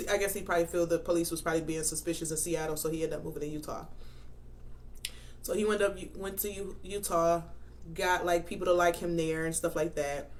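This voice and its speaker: A woman vlogger telling a long story in a casual, rambling way, with many fillers and restarts, while eating between sentences. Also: lowish voice. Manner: talks between bites of food. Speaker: mukbang vlogger.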